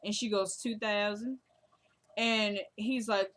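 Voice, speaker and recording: A woman recapping a TV drama episode in a casual chat, quickly quoting the characters' lines as she goes. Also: medium pitch, a bit bright. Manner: chatty, quotes characters in quick asides. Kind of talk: casual recap, acting out dialogue.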